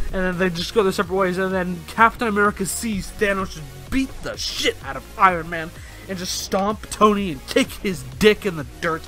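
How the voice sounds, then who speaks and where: High-voiced young man ranting. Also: normal speed, soft background music. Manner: ranting, swearing, animated. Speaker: host. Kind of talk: casual opinion vlog.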